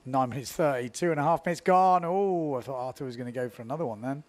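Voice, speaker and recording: A man's voice: medium pitch, fast. A man commentating live windsurfing, chatty and self-mocking, laughing often as he talks.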